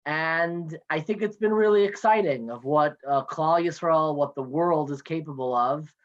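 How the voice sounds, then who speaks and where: A man in his thirties talking in a casual, playful way as a guest, joining by video call from his home office. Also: on the high side. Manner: chatty, playful, quick with jokes. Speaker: guest, NCSY education director. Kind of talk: casual interview chat. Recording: dull lo-fi video call audio.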